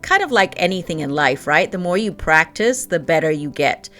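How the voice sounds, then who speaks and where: A woman's voice: low-pitched, lively intonation, moderate pace, a bit bright, faint music behind. A woman vlogger chatting casually and cheerfully about how her baking turned out. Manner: chatty, self-assessing, upbeat. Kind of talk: casual baking vlog chat.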